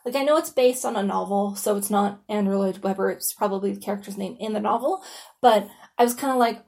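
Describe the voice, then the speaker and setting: A woman hosts a podcast on her own in a loose, conversational way. She keeps dropping in "you know" and "like", and she swears casually as she goes. Her voice sits at a middling pitch for a woman. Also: a little fast, creaky, a little mellow. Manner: chatty and informal, lots of "you know" and "like", swears freely. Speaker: podcast host.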